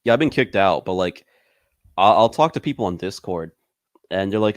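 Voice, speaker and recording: A man's voice: low-pitched, expressive, normal speed, pauses often, dry recording. A man in casual conversation, talking loosely with lots of fillers and frequent laughs. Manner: loose and rambling, heavy on fillers, laughs often. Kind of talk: casual chat.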